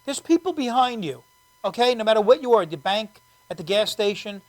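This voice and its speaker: A woman comedian hosting a casual show, telling rambling comic stories in an animated way and laughing often. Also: a little high, fairly quick. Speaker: comedian host.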